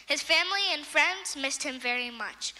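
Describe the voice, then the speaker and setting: A woman narrating a Bible story for children in a simple, clear storytelling manner. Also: sits high, animated, normal speed, pushed and bright, in a large hall. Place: church.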